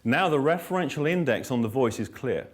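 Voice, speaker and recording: A male therapist and trainer speaking to a workshop room with blunt emphasis. He drives points home by repeating them and tells stories with a wry, self-mocking edge. His pitch sits in a middling male range. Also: animated, fairly quick. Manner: wry storytelling with dry self-mockery. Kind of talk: live workshop lecture to trainees.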